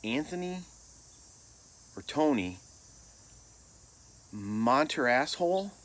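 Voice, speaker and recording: A blunt middle-aged football coach barks out orders in a voice pitched well above normal, as a man puts him on. He is bossy and brusque, a figure in a spoken story. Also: very animated, slow pace, a bit bright. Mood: puzzled.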